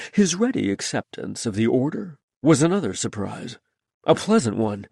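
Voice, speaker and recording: A man narrating a story in the first person with a lively, expressive delivery. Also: mid-range voice, moderate pace, creaky, slightly rough, no room sound, clean studio sound. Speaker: audiobook narrator.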